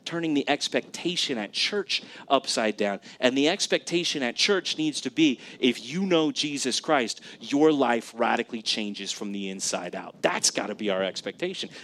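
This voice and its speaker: A man's voice: medium pitch, fairly bright tone, slight background noise. Conversational man preaching a sermon. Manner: conversational, emphatic, asks the congregation questions. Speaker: pastor. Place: church sanctuary.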